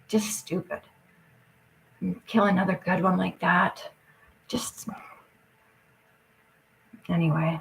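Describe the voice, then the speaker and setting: A woman's voice: fairly low pitch, fairly even intonation, slow pace, vocal fry, long pauses, rough recording. A woman talking straight to her audience in an agitated, rambling rant, swearing often and jumping from point to point.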